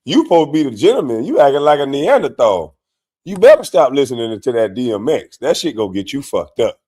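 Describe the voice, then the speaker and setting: A man's voice: medium pitch, sing-song, a little fast, warm tone, slightly rough. A man hosting a live stream, mocking and cursing his way through commentary on a clip, laughing often.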